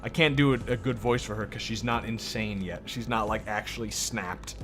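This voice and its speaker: A man's voice: fairly low pitch, steady tone, normal speed, a bit bright, faint music behind. A man streaming a game, thinking aloud and reading narration with wry, swearing asides. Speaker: gaming streamer. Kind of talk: casual game commentary.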